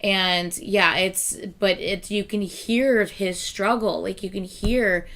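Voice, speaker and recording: A woman talks through her reaction to a song in a casual, unscripted way. Her pitch sits right in the middle, and she speaks earnestly, often stopping and restarting her sentences as she searches for words. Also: steady tone, fairly bright tone, a little hiss or hum. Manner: earnest and emotional, halting with many restarts and fillers. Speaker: reaction video host.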